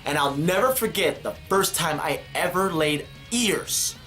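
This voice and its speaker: An enthusiastic man talks in a casual monologue to camera. His voice is lively and full of pitch swings, with a playful edge. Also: a little slow, soft background music. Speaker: vlogger.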